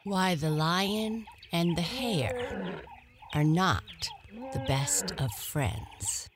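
A woman narrating a bedtime story softly, slipping into a whisper. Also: lowish voice, lively intonation, background noise. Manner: soft, slow and lulling, dropping to a whisper.

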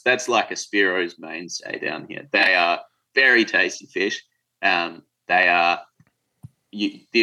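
A man's voice: deep voice, sharp tone, rough recording. A man from Tasmania with an Australian accent, a guest in a podcast interview, talking casually and a little hesitantly. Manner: hesitant, with many fillers and restarts.

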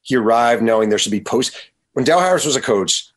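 A man, an author guest on a radio show, telling stories in an animated way and often acting out quotes. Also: medium pitch. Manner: animated, quick to act out quotes. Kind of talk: storytelling in a radio interview.

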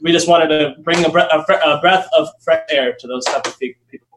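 A man's voice: on the high side, brisk, roomy sound, noisy background. A man guest in a casual interview, rambling and laughing often as he trails off. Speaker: guest, Las Vegas entertainer.

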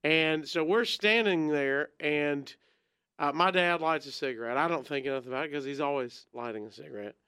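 A man's voice: fairly high pitch, moderate pace, clean tone, dry recording, studio quality. A man telling a rambling childhood story in casual chat. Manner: rambling, animated, acts out quoted voices.

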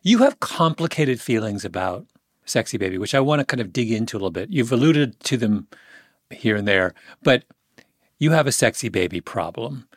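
A man's voice: mid-range voice, expressive, moderate pace, dry recording, clean studio sound. A man interviewing an author, asking inquisitive questions and building to emphatic points. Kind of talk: conversational interview.

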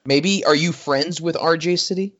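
A man co-hosting a casual podcast, talking in an animated, exclaiming, exasperated way. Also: on the high side, moderate pace. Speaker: podcast co-host. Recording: dull lo-fi audio.

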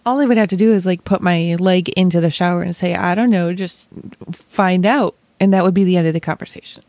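A woman's voice: lowish voice, darkish tone, dry recording. Candid, joking woman host. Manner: candid, joking, speaks in quick bursts. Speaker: podcast host. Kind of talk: casual chat.

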